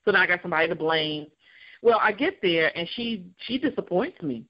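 Woman guest, lively personal storyteller who laughs through it and mimics others; muffled lo-fi sound. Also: fairly low pitch, brisk. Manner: animated, acts out voices of people in her story; laughs often while talking.

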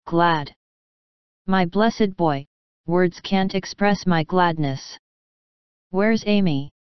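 A frank, lively young woman with a brisk, affectionate teasing manner, as a woman voices her in a storybook reading. Her voice sits a little low and comes through very smooth and close, with a slightly dull sound. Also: no echo.

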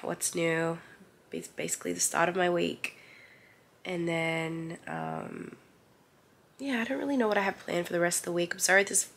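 A woman's voice: lowish voice, vocal fry, a bit bright. A young woman vlogger talking candidly to the camera, crying through an emotional personal update. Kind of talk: personal vlog confession.

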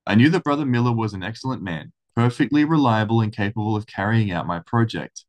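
A man reading a historical account aloud in steady storytelling, then commenting casually. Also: on the low side, fast talker, hardly any pauses. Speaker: religious study channel host.

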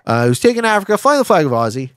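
A man from Canada streaming a board game live, excitable and swearing, laughing often and bursting into shouts. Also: sits high, rapid-fire, clean tone, dry recording. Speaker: streamer playing an online strategy board game.

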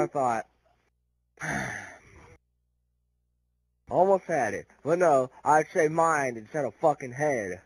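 A man rapping along to a song over gameplay, cursing and yelling in frustration between tries. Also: medium pitch, expressive, slow, pauses often, low-quality recording. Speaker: gaming video creator.

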